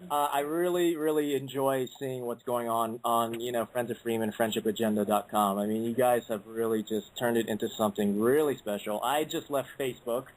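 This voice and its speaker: A man's voice: mid-range voice, moderate pace, poor audio. A man chatting casually on a call-in radio show, laid-back and laughing often.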